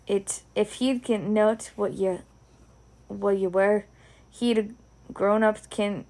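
A big, kindly Scots giant of a man, as a woman reader voices him rambles on in homely dialect. The voice is gravelly and unhurried, with a slow, patient pace. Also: medium pitch, darkish tone. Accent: Scottish. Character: big gruff kindly male groundskeeper giant.

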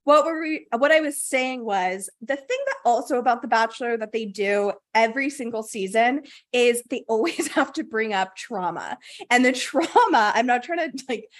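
A woman's voice: a little high, lively intonation, moderate pace. A young woman co-hosting a casual chat podcast, laughing often and swearing freely. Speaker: podcast co-host.

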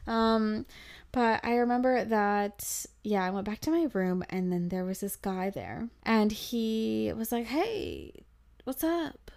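A young woman spins a travel tale for her podcast in a casual, lively voice. She rambles with plenty of fillers and slips into acting out what people said. Her pitch sits in an ordinary middle range. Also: measured pace, gravelly, few pauses. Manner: chatty, animated, acts out quotes with fillers. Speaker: podcast host telling a travel story. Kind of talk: casual storytelling.

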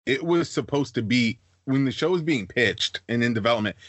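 A man's voice: mid-range voice, lively intonation, brisk, dry recording. A young man co-hosting a casual podcast, earnestly explaining with lots of fillers. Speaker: podcast co-host. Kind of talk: casual chat.

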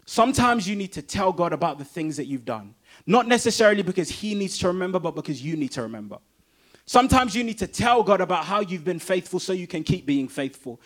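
A man's voice: high voice, a bit bright. A man preaching a sermon in an emphatic, repetitive way that builds intensity.

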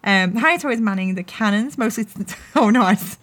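A woman's voice: medium pitch, animated, brisk, a bit bright. A woman co-hosting a podcast, recapping a show in casual chat, giggling often, swearing freely and acting out the characters' lines. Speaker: podcast co-host recapping episodes.

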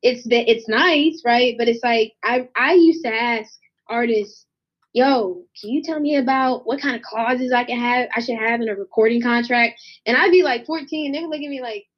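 A woman's voice: a little high, moderate pace. A young woman, a singer, telling a story in a casual interview, acting out the voices of the people in it. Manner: animated, acts out voices in her anecdotes. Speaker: guest artist. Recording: dull lo-fi sound.

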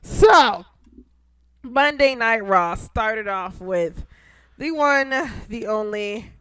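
A young woman hosting a casual podcast, swearing freely and bursting into loud, excitable outbursts. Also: a little high, drawn-out words, clear, resonant tone, dry recording. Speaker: podcast host.

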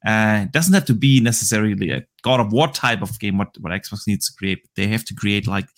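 A man's voice: lowish voice, a little fast, fairly bright tone. A man hosting a gaming podcast, enthusiastic and casual, often repeating words while he thinks. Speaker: host.

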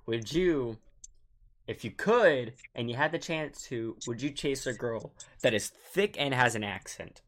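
A man's voice: mid-range voice, unhurried, a bit bright. A young man hosting a casual podcast chat, rambling and laughing often. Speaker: podcast host.

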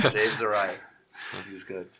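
A man telling a personal story in a casual chat, animated and acting out the people he quotes. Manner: animated, acts out quotes with big pitch jumps.

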